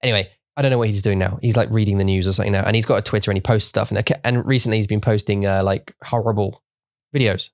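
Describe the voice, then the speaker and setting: A man's voice: on the low side, fairly even intonation, quick pace, gravelly, no echo. Man, native english speaker, casual podcast co-host, rambling, jokey, dropping in mandarin, dry recording. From English-speaking country. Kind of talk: casual bilingual chat.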